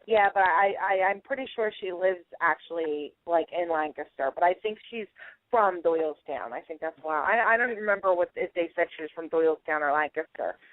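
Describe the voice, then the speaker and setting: A young adult woman with a Philadelphia accent, chatting as a guest on a radio interview, quick to laugh and full of "like" and "you know.". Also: fairly low pitch, no room sound. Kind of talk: casual phone interview. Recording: tinny phone line, dry.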